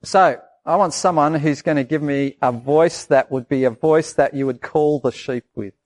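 Male pastor, lively children's sermon, slightly higher voice. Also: moderate pace. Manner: lively, asks the children questions and acts out voices.

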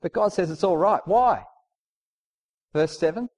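Emphatic male preacher, fairly high voice. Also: measured pace, a little mellow. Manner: conversational, emphatic, asks rhetorical questions. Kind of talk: sermon.

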